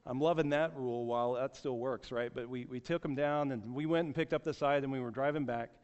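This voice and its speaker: A man's voice: mid-range voice, fairly quick, darkish tone, clean tone. A man in his forties preaching a sermon, telling a story earnestly and often repeating words. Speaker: pastor. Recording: echoey hall, dull sound.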